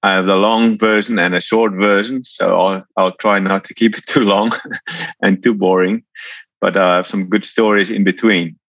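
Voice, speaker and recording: Man, South African accent, low voice, relaxed rambling storytelling, dull dry recording. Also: moderate pace, no room sound. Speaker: podcast guest, Paralympic athlete. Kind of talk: casual storytelling.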